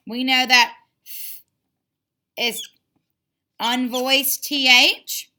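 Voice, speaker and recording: A woman leads a phonics lesson for children in a bright, sharp, high voice. She speaks very slowly, stretching each letter sound and repeating words with steady encouragement. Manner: slow, drawn-out sounding out of letters; encouraging and repetitive. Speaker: phonics teacher.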